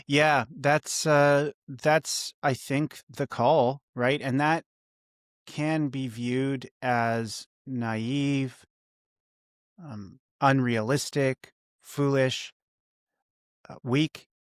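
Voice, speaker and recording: A man's voice: medium pitch, steady tone, very slow, clean tone, no echo, clean studio sound. A Canadian man hosting a podcast, friendly and chatty, laughing easily with his guest. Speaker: podcast host. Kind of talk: conversational podcast interview.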